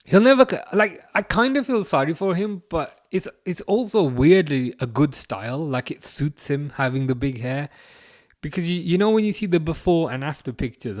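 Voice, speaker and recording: Clean, dry studio sound captures a man whose voice is on the high side with a darkish tone, speaking at a normal speed. He hosts a football watch-along live stream, chatting loosely and fielding viewer comments. His casual talk rambles, with many restarts.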